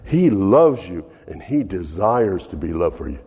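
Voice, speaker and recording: A man's voice: deep voice, sing-song, a little slow, vocal fry, mellow, breathy edge, long reverb tail. An older man preaching as a pastor, laughing often and dropping to a whisper in prayer. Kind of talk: sermon.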